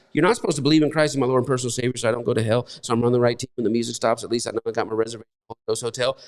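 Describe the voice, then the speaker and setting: A man preaching a sermon in a rather high, gravelly voice. He keeps asking rhetorical questions and drives each point home with emphasis, in a loose, conversational tone. His voice rings out with a long hall reverb. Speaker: pastor.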